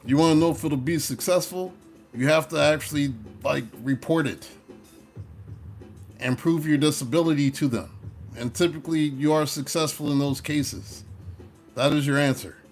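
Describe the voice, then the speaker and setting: A man's voice: on the high side, fairly even intonation, normal speed, soft background music. Laid-back middle-aged man, casual chat. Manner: laid-back, chatty, slangy. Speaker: tarot reader.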